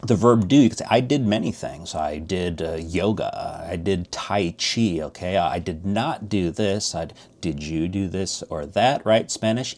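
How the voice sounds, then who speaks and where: Low-voiced man teaching language patterns. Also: a little mellow. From Chicago. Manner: upbeat teacherly, slows down to model example sentences. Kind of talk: video lesson explaining language patterns.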